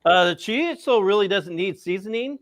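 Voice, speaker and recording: Guy cooking and chatting, kinda high voice, swoops up and down, dry close sound. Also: expressive, a little fast, fairly bright tone, no echo. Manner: chatty, narrates his cooking, laughs easily. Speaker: cooking show host. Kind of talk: casual cooking chat with friends.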